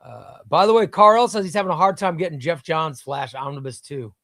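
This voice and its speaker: A man's voice: on the high side, a little fast, a bit bright, dry recording, studio quality. A man hosting a live comics stream, chatting casually and enthusiastically while reading out viewer comments. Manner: enthusiastic, rambling, reads out chat. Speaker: host of a live comics show.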